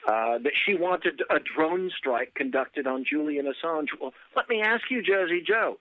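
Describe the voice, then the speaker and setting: A man calls into a political talk radio show over a tinny, narrow phone line, with a voice a touch on the high side. He talks emphatically and sarcastically and reaches for formal words, and the sound is dry and close. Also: animated, measured pace, no echo.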